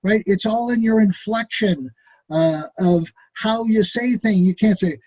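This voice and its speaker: A man's voice: sits high, a little slow, a little mellow, muffled recording. A middle-aged man leading a direct sales training, folksy and urging, who acts out sample phone calls to friends.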